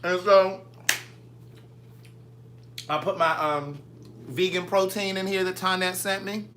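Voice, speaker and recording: A man's voice: high voice, little pitch movement, takes it slowly, a bit bright, a little hiss or hum. A man, chatting casually from his home kitchen as a vlogger, playfully answering viewer comments. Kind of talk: casual live chat with viewers.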